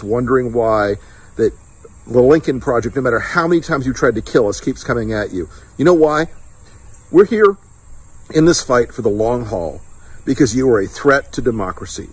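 Husky-voiced man, profane political taunt, punchy repeated lines. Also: medium pitch, poor audio. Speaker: political strategist in a played clip. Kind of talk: defiant video message.

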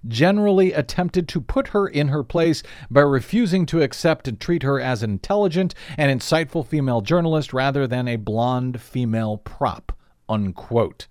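A man's voice: medium pitch, dry recording, clean studio sound. A man hosting a talk radio show, reading out lawsuit details with wry asides and frequent fillers. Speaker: radio host. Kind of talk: talk radio news commentary.

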